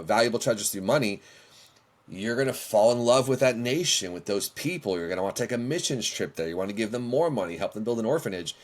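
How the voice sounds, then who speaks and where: A middle-aged man, telling stories as a guest in a podcast interview and acting out his own past lines. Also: on the low side. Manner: animated, acts out his own past dialogue. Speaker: worship leader, guest.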